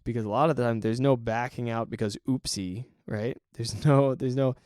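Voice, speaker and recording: A man's voice: mid-range voice, fairly even intonation, moderate pace, a little mellow, dry recording. Chatty man musing on podcast, dry sound. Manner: conversational, acts out quoted voices, frequent "right?". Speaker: podcast host. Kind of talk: solo podcast commentary.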